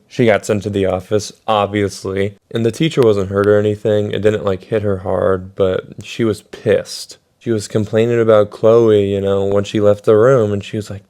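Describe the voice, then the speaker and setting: Young dude rambling thru a storytime, swears a lot, says like and you know constantly, lowish voice. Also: male voice, fairly even intonation, normal speed, warm tone. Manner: rambling, profane, lots of fillers. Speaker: storytime vlogger. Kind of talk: casual storytelling.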